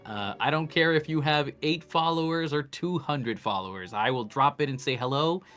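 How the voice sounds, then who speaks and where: A man's voice: a little high, lively intonation, normal speed, a bit bright, faint music behind. A young man, a voice actor, chatting casually as an interview guest, laughing often and slipping into character voices.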